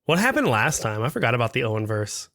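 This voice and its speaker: A man's voice: medium pitch, big pitch swings, quick pace, sharp tone, no echo, clean studio sound. A man co-hosting a podcast, trading crude, joking banter in casual chat. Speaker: podcast co-host.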